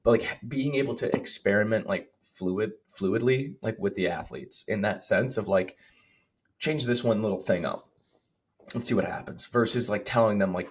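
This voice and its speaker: A man who coaches strength, chatting casually on a podcast. His voice sits low and slightly husky. He rambles and restarts, filling gaps with "like" and "you know". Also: normal speed. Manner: relaxed, rambling, heavy on "like".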